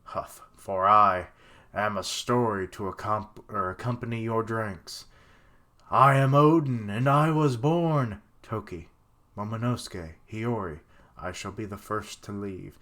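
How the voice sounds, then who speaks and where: A man reading out a proud, defiant male samurai lord's lines in his own slow, plain voice. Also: on the low side, bright, forceful tone.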